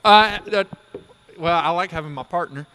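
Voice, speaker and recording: A man with a high voice rants on a casual sports podcast. He talks in fired-up bursts and drops slang all the time. Every point comes with heat. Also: normal speed, sharp tone, clean tone. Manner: fired-up, ranting, says bro a lot. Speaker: podcast co-host.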